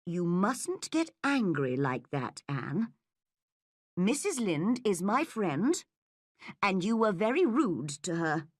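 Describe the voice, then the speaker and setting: A woman voicing a firm but kind middle-aged guardian who speaks calmly in a storybook reading. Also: mid-range voice, takes it slowly, no room sound, clean studio sound. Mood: firm, gentle. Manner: calm and firm.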